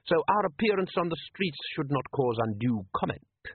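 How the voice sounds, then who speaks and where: A man voicing a cunning, aloof male ruler who speaks slowly and with dry irony in a spoken story. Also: fairly high pitch, lively intonation, husky, no echo, pitched above the performer's own voice. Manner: measured, ironic, slow and deliberate. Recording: dry, tinny phone-like sound.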